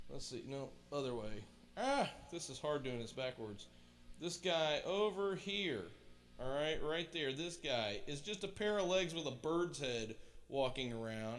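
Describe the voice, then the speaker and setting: A middle-aged livestream host with a fairly high, fairly bright voice reads a children's book aloud. In between, he chats enthusiastically in rambling asides, keeping the stream casual.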